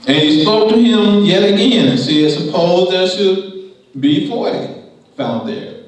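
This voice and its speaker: A man preaching a sermon, reading scripture and paraphrasing it in a lively, conversational way. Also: sits high, measured pace. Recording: echoey room from far off.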